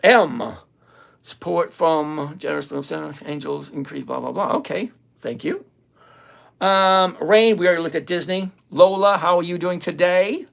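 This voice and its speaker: Blunt, gravelly older livestream trading host. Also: mid-range voice, a little slow. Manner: blunt, sarcastic, repeats himself for emphasis. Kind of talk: live-stream chat reading viewer comments.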